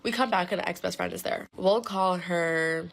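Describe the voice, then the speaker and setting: A young woman with a low voice and a lot of gravelly fry tells a school storytime. She talks in a chatty, blunt way, swearing freely and dropping "like" all the time. A faint hiss sits under her voice. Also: normal speed. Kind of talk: casual storytime.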